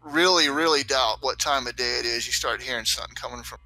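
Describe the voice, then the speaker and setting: Brief: laid-back male game master, loose rambling narration, bright voice, on a voice call. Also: medium pitch, fast talker, low-quality recording. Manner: rambling, loose, many fillers. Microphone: online voice call.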